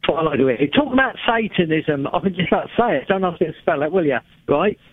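A man's voice: on the high side, expressive, fast, breathy edge, no echo. A man phoning in to a radio show and telling rambling gag stories while chuckling at his own jokes. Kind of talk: jokey phone-in banter. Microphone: phone. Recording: tinny phone line.

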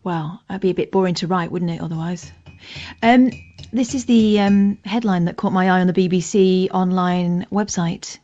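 A female radio co-host in casual banter, dry and unimpressed, delivering lines deadpan. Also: on the low side, normal speed. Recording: lo-fi radio broadcast.

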